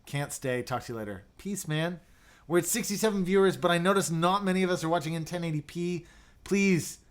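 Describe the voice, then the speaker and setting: A man's voice: high voice, fairly quick, smooth. A man hosting a casual livestream, chatting loosely and reading out viewer comments with lots of fillers and restarts. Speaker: livestream host. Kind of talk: casual live chat.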